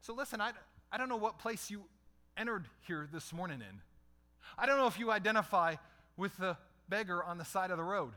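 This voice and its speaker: A man's voice: sits high, animated, fairly quick, pushed and bright. A middle-aged man preaching a conversational sermon as a pastor, putting questions to his listeners.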